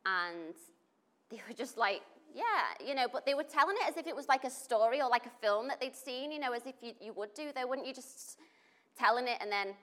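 A woman's voice: fairly high pitch, a little fast. A woman tells a story in a loose, chatty way. She leans on fillers like 'like' and 'you know' and brings the moments to life. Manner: animated, full of 'like' and 'you know', acts out quotes. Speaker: volunteer helping refugees. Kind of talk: casual spoken storytelling.

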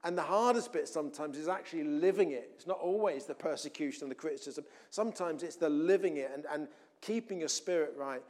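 A man preaching a sermon in a conversational way, often restarting, swinging between loud emphasis and quiet asides. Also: a little high, a little fast.

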